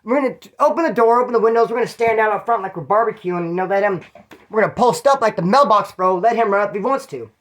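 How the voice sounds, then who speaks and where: A man's voice: high voice, fast talker, fairly bright tone. A man from California casually telling prison stories, in a profane, slangy, rambling way with restarts. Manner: mimics others in quoted voices. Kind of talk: casual storytelling.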